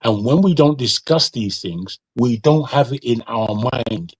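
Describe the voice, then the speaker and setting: A man's voice: medium pitch, expressive, a little slow, husky, no room sound, rough recording. A man from Nigeria who grew up in Britain, arguing bluntly in a heated casual debate, swearing and repeating his words. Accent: British English with Nigerian touches. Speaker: discussion panelist.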